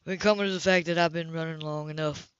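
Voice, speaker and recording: A reader doing a gruff, hot-tempered man. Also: on the high side, fairly even intonation, fast talker, no echo, lo-fi sound, lightly acted. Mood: subdued. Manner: gruff, blunt, swearing. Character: angry rough-edged grown man, hot-tempered brother.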